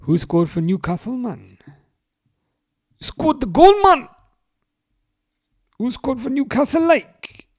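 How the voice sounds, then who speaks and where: A man voicing an excitable Geordie football fan who demands to know the score, ending his questions with "man" and "like". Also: very high voice, no room sound, clean studio sound, pitched above the performer's own voice, heavily acted. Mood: demanding. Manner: shouting questions, drawn-out "man" and "like".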